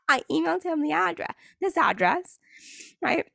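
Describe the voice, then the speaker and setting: Female podcast host, mid-pitch, dry close sound, sarcastic and laughing storyteller. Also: big pitch swings, moderate pace, vocal fry, a bit bright, no echo. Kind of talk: casual chat.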